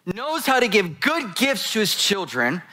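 Male preacher, lively and animated delivery, joking asides with the congregation. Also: sits high, measured pace. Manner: animated storytelling, addresses congregation, jokes. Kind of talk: sermon.

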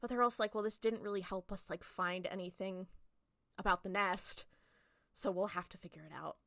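A woman co-host tells the story of a TV episode in a quick, chatty way, acting out each character's lines. Her voice is bright and clear. The sound is close and dry, with no room around it. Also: medium pitch, no echo. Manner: chatty, animated storytelling with lots of "like" and acted-out quotes. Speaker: podcast co-host. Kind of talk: casual chat recapping an episode.

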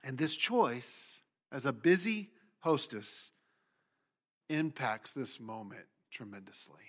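In a slow, mid-range voice, a man gives a sermon as pastor, stressing points with animation. He sometimes mimics the complaints voiced by people in the story.

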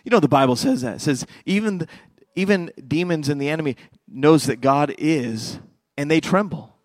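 A middle-aged man preaching a sermon as a pastor, swinging between loud fervent passages and quiet hushed ones. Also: fairly high pitch, animated, normal speed, no echo.

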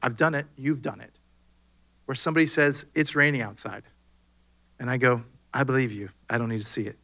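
Bright, animated male pastor preaching. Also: mid-range voice, fairly quick, gravelly. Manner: conversational preaching, acts out dialogue, animated. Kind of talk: sermon.

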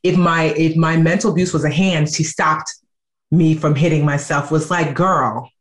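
A woman in her thirties, a guest in an interview, telling her story in a lively, animated way. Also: sits low, moderate pace. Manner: animated, acts out quoted voices.

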